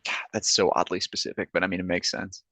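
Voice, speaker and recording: A man's voice: low-pitched, little pitch movement, fast, sharp tone, no room sound. A young man guesting on a podcast, chatting in a laid-back, hesitant way. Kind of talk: casual chat.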